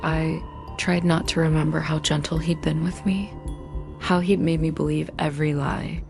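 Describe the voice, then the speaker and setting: A woman's voice: sits low, fairly even intonation, normal speed, gravelly. A woman narrating a first-person story in tense, clipped short sentences. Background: music.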